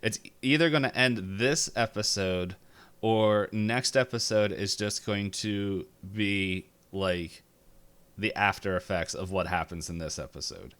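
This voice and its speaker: A man's voice: fairly low pitch, a little slow, clean tone. A man running a tabletop game, chatting casually with his players and acting out quotes as he tells stories. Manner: animated storyteller, acts out quotes. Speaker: game master.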